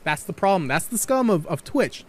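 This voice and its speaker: A man's voice: high-pitched, sing-song, normal speed. A man hosting a podcast, giving his opinions in a rambling way, repeating words and swearing casually. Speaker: podcast host and streamer.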